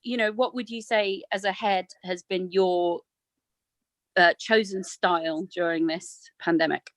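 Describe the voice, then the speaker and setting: A woman's voice: fairly low pitch, fairly even intonation, dry recording. A woman hosting a webinar panel, asking questions in a chatty, encouraging way. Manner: chatty, encouraging, quick praise. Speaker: panel host. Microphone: remote video call.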